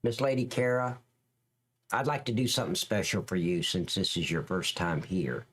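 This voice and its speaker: A man's voice: low-pitched, steady tone, normal speed, fairly bright tone, breathy edge. A middle-aged man hosting a live stream, reacting to police videos and joking with his chat in a rambling, teasing way.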